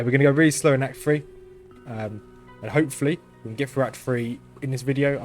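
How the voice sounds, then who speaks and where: A man in the middle of his pitch range gives let's-play commentary in a monotone, understated voice, thinking aloud as he goes. Faint game music plays behind him. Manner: thinking aloud while playing. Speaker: gaming channel host.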